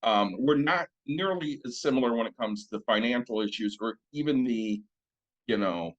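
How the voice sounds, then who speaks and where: A man's voice: mid-range voice, animated, normal speed, highs cut off. A man co-hosting a casual podcast, speaking frankly and reflectively with plenty of swearing. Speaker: podcast co-host.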